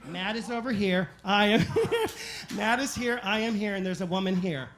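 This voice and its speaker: High-voiced man doing stand-up. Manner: animated, self-mocking anecdotes with quick asides. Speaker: stand-up comedian. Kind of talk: stand-up storytelling. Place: live comedy club stage.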